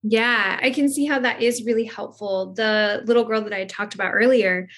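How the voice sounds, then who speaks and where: A woman hosting a podcast, telling a story from her own work in a casual way, often fading softly at the ends of her thoughts. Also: a little high, fairly even intonation, normal speed.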